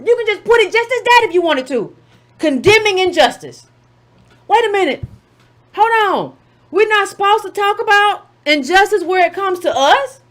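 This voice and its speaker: A woman's voice: very high voice, fairly bright tone. A woman giving a sarcastic political commentary monologue, full of rhetorical questions and mocking asides.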